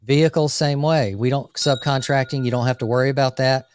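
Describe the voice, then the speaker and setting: A man co-hosting a casual business podcast, talking energetically through lists with quick asides about running a landscape company. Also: mid-range voice, fairly even intonation.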